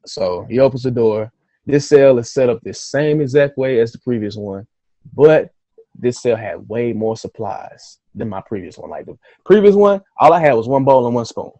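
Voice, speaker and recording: A man guest on a podcast, telling a story in a casual, animated way, swearing freely and acting out his own reactions. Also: mid-range voice, normal speed, no room sound.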